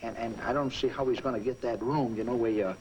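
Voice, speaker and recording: A man's voice: medium pitch, fairly even intonation, fast talker, a little mellow, a little hiss or hum, rough recording. Plain-spoken man with Boston accent. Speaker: host of a boxing telecast. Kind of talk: 1950s TV chat and fight intro.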